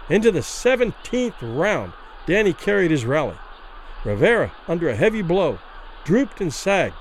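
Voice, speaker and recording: A man reads a classic tale aloud with a fairly high, animated voice that swoops through the drama. He gives each quoted line its own colour. Faint noise sits under the reading. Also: normal speed, low-quality recording. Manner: expressive, acts out the quoted lines. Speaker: podcast host and storyteller.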